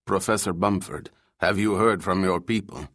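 Man doing an official with Arabic accent, formal, insistent, low dry voice. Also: fairly even intonation, moderate pace, fairly bright tone, dry recording. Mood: pressing. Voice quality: thick accented delivery. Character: male local official, concerned and formal.

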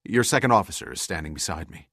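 A calm, commanding sea captain giving firm orders over a radio, read by a deep-voiced male narrator. The voice is low and the sound close and dry. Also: fast, dry recording. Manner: firm, direct. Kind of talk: audiobook character reading.

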